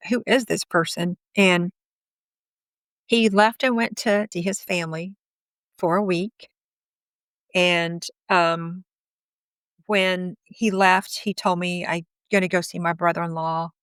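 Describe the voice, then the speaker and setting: A woman's voice: lowish voice, a bit bright, no room sound. A middle-aged woman candidly recounting an emotional personal story, acting out past conversations as she goes. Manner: emotional, candid, quotes others in dialogue. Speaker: guest telling her story.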